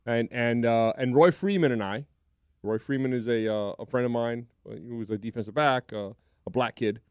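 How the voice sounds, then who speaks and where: Middle-aged co-host, loose storyteller, plain mid voice, dry mic. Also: male voice, mid-range voice, normal speed, darkish tone, smooth, dry recording. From South Florida. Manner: rambling storyteller with restarts. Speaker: podcast co-host. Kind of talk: casual sports talk.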